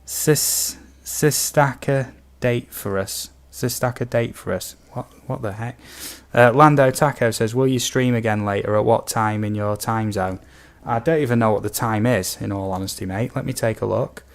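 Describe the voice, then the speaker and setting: This gaming streamer is a young man from the United Kingdom, speaking at medium pitch and a moderate pace with hardly any pauses. His casual live-stream chat wanders as he reads out viewer comments, padded with ums and side remarks.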